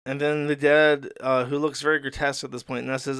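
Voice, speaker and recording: A man's voice: mid-range voice, level tone, brisk, fairly bright tone, clear, resonant tone, no room sound, studio quality. A man hosting a show, rambling through crude, sardonic commentary while reading a comic aloud. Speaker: host.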